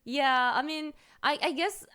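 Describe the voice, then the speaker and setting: Chatty French-accented woman, high voice. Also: unhurried. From France. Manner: chatty, animated, laughs often, many restarts. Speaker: streamer host. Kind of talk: casual chat.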